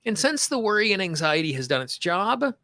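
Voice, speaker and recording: A man guides listeners through a tapping session, setting out calm, slow affirmations for them to repeat and breaking off for loose, chatty asides. His voice is bright and forward, and it is recorded dry and close with almost no room sound. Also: high voice, no echo. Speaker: tapping coach.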